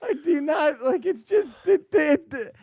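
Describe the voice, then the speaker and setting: A man co-hosting a casual podcast, swearing and laughing as he tells animated stories. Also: very high voice, unhurried, dry recording. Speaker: podcast co-host. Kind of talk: casual chat.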